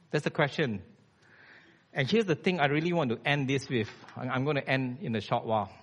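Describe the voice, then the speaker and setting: A man's voice: medium pitch, fairly bright tone. A man, preaching a blunt, emphatic sermon as a church elder.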